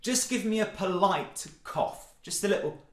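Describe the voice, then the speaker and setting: A man leading an online singing warm-up, encouraging and cheerful, often breaking into loud demonstration sounds. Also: sits high, expressive, moderate pace, echoey room, a little hiss or hum. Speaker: singing workshop leader. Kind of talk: online vocal warm-up session.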